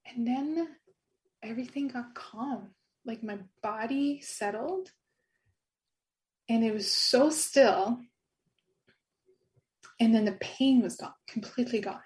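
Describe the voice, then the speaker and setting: A woman's voice: fairly high pitch, slow pace, pauses often, a little mellow. A middle-aged woman telling a personal story in an interview, earnest and laughing often. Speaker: guest.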